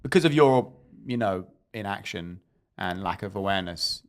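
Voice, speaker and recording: A man's voice: sits low, expressive, normal speed. A man bantering on a podcast, teasing his co-host with jokey interjections. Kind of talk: casual comedic banter.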